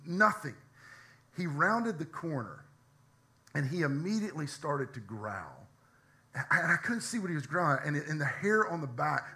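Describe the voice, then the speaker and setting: Bright-voiced pastor preaching casually. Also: male voice, a little high. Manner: conversational storytelling, frequent "like" and "right?". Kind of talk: sermon.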